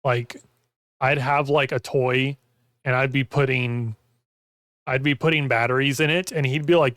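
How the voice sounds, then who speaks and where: Man, casual gaming stream chat, rambling, full of "like", voice going hoarse, dry close sound. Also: medium pitch, fairly even intonation, unhurried, pauses often, fairly bright tone, no echo. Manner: rambling, heavy use of "like". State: losing his voice.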